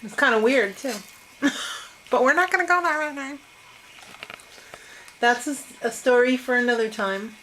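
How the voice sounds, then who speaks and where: A woman's voice: sits high, moderate pace, long pauses, fairly bright tone. Chatty New woman, noisy home video. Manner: chatty, laughs often, dramatic disgust. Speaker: vlog host. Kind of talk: casual chat. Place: home kitchen, then a yard outdoors.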